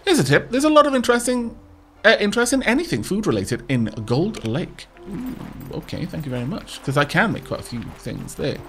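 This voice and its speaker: A man's voice: high voice, sing-song, a little fast, fairly bright tone, slight background noise. A man hosting a casual let's play, chatting as he goes in a self-mocking way and stammering as he restarts his sentences. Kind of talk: casual gameplay commentary.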